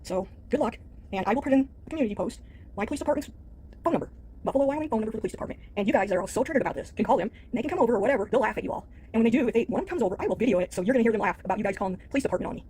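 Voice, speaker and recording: A woman's voice: a little high, lively intonation, very fast, warm tone, slight background noise. A woman vlogger in a casual video, dismissive and defiant, laughing off the complaints against her. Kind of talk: casual vlog rant.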